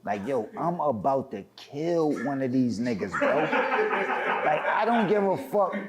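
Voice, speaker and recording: A man with a Philadelphia accent telling a profane, animated story, acting out quotes with big swings in pitch and filling his talk with "like". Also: measured pace, over a noisy crowd. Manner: profane slang, frequent "like". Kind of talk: animated anecdote.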